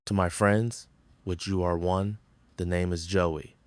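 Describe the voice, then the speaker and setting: An actor playing a breezy, glad-handing middle-aged hotel owner in a sitcom. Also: male voice, sits low, steady tone, unhurried, smooth, dry recording, studio quality. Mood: friendly. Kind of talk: sitcom acting.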